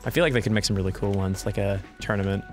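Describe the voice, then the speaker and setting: A man playing as a guest in a gameplay video, bantering with jokes and breaking into sudden excited yelps. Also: lowish voice, racing, soft background music. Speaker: guest player. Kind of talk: casual gameplay chat.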